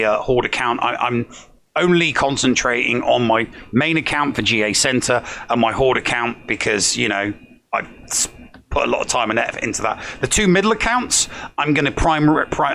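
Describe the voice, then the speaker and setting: A man's voice: medium pitch, creaky, sharp tone, a little hiss or hum. A man co-hosting a podcast in casual chat, hesitant and full of fillers but jokey. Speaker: podcast co-host.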